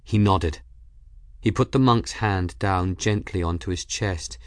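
Low-voiced man narrating an audiobook. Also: a little slow, no room sound, studio quality. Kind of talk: scripted narration.

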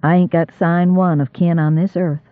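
A man's voice: on the high side, level tone, moderate pace, no echo, narrow, tinny audio, close to an everyday voice. A man reading an audiobook and voicing a meek, weary young drifter.

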